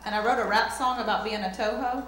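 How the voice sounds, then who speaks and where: A woman's voice: a little high, fast, over a noisy crowd, heavy background noise. A young woman with a Southern US accent doing a self-mocking, drawling stand-up set in a comedy club, talking into a handheld mic. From Southern US countryside. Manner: drawling, self-mocking, breaks into shouted rap bits. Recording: echoey club room.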